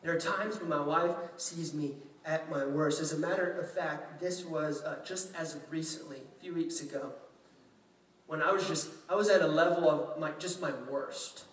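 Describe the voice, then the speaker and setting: A man's voice: a little high, steady tone, normal speed, fairly bright tone. A male pastor from Louisiana preaching in a chatty, self-deprecating way, acting out quotes. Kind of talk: sermon. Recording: echoey room, mic at a distance.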